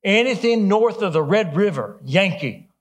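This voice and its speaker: A preacher doing a stubborn Texan janitor drawl. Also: male voice, sits high, normal speed, voice pushed up. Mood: insistent. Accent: Texas drawl. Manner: flat, insistent pronouncements.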